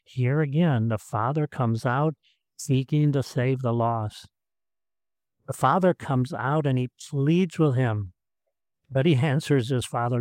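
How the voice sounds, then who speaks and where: Male pastor, sermon delivery, earnest with repetitions, mid pitch, dry close recording. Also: slow, dry recording. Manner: earnest, repeats words, swings between emphatic and soft.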